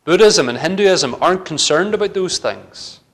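A man's voice: sits high, animated, moderate pace. A man preaching a sermon in a church, earnest and building to fervent emphasis.

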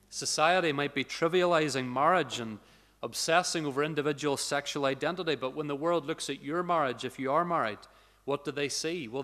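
A man preaching from the pulpit, his voice sitting a little high for a man. He delivers his sermon earnestly, slowing down and rising to drive home his points. The sound carries a long reverb from the church around him. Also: fairly bright tone. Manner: earnest preaching, slows and rises for emphasis. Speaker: pastor. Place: church sanctuary.

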